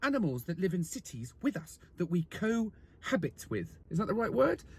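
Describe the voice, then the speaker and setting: Sweary high-voiced man. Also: moderate pace, gravelly, breathy edge. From London, England. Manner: sweary, animated, jokey asides. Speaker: video host. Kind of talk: comic fact-list monologue.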